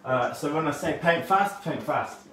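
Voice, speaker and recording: A man's voice: on the high side, lively intonation, moderate pace. A man hosting a casual live painting lesson, chatty and jokey, giving instructions while he paints. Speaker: painting class host. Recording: echoey room, mic far off, faint noise.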